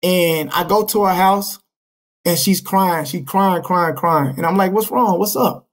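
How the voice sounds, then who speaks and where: A man's voice: high voice, fairly even intonation, a little slow. A middle-aged man from Dallas, Texas, a podcast guest telling his life story in slangy, casual street talk, often restarting his sentences.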